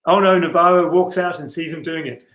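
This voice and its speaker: A man's voice: on the high side, brisk, a bit bright, reverberant, low-quality recording. A man playing a tabletop role-playing game over a video call, often correcting himself and apologizing with a laugh. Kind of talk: casual role-play chat.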